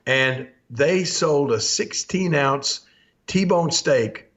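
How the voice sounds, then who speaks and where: A man's voice: fairly high pitch, extremely slow. A man in his sixties with a Southern American accent, hosting a podcast and telling stories with frequent chuckles and acted-out quotes. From Memphis, USA. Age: 60s. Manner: chuckles often, animated, acts out quotes. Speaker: podcast host. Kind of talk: anecdotal storytelling. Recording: dull lo-fi podcast audio.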